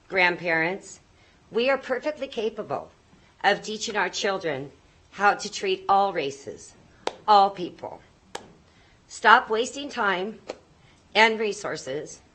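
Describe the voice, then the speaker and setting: A woman's voice: lowish voice, sharp tone, poor audio. A woman giving a prepared public comment as a parent, earnest and pleading, nervous and choked up.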